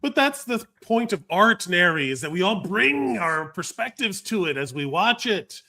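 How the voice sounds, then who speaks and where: A man's voice: high voice, sing-song, moderate pace, bright, forceful tone. A man co-hosting a casual podcast chat, wordy and fond of explaining things at length. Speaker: podcast co-host.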